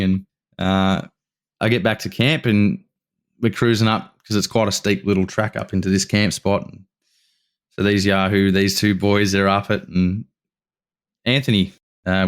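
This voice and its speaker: An Australian man with a low voice tells his story as a podcast guest. His tone is smooth and clear. He is animated and keeps acting out other people's lines. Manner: animated storyteller, acts out quotes, says "mate" often. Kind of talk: casual storytelling.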